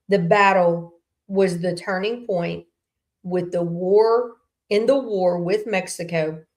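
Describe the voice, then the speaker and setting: A woman's voice: lowish voice, gravelly. A middle-aged woman, hosting a casual faith talk in a folksy, candid storytelling way. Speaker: host.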